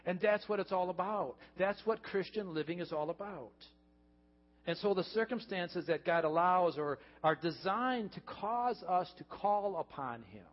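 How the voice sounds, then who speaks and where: Pastor guy preaching earnest sermon, kinda high voice, muffled churchy echo. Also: expressive, measured pace. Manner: earnest, heartfelt preaching with repeated phrases. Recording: dull reverberant church recording.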